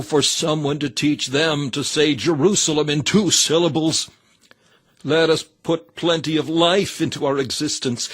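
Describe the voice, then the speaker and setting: A man reading a sermon aloud in an earnest, exhorting manner with old-fashioned scriptural phrasing. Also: on the high side. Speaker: reader of a sermon.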